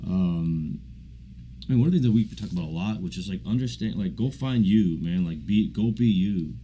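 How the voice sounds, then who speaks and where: A man with a very low, mellow voice, speaking as a guest in a relaxed, slangy style. His tone stays soft and unforced. Faint hiss is heard under him. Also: normal speed. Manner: laid-back, slangy, says man and bro. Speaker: guest, tech sales professional. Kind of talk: casual conversational interview.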